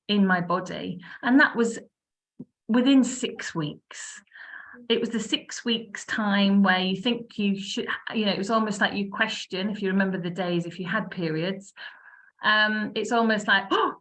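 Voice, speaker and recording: A woman in her fifties telling her own health story in a casual, animated way, laughing often and acting out what she once said. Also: mid-range voice. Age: 50s. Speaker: wellness speaker sharing her story. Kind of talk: casual testimonial talk.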